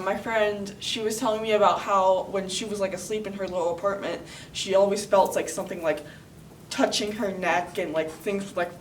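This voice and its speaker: A teenage girl from Florida casually telling a personal story, chatty and full of filler words. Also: mid-range voice. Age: teens. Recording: roomy sound from a distant mic, faint noise.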